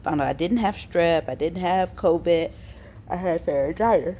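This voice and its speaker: A woman's voice: lowish voice, normal speed, warm tone. A tired woman, chatting casually to her viewers with lots of ums and sighs while she recovers from a sore throat. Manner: chatty, informal, addresses viewers as y'all, frequent ums and sighs. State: tired, yawning. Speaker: vlogger. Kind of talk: casual chat to camera.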